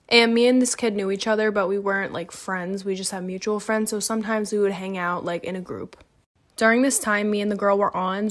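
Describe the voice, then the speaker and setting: A woman telling a casual storytime, relaxed and chatty, acting out what people said. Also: mid-range voice, no echo. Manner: relaxed, chatty, acts out quoted lines.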